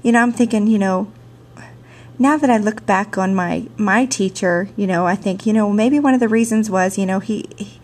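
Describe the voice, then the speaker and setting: Woman, husky voice, mid-range pitch, animated storytelling, camcorder mic. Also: moderate pace. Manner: animated, chatty, laughs often, many "you know" fillers. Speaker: ASL and theater teacher. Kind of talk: personal storytelling. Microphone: handheld camcorder mic.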